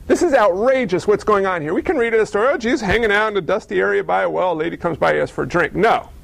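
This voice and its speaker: A man delivers a sermon in a high, gravelly voice. He keeps it animated, mixing rhetorical questions with jokes. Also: fast talker. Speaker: pastor.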